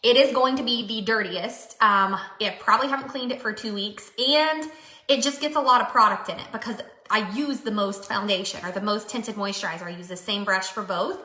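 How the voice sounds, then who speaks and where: A woman's voice: mid-range voice, a little fast, sharp tone, reverberant. A woman vlogger chatting casually through a beauty product demo, upbeat and full of fillers. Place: home room by mirror.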